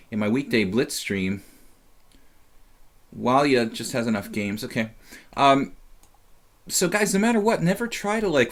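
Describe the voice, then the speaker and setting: A tired man casually commentating his chess simul on a live stream, rambling and chatty with lots of fillers. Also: medium pitch.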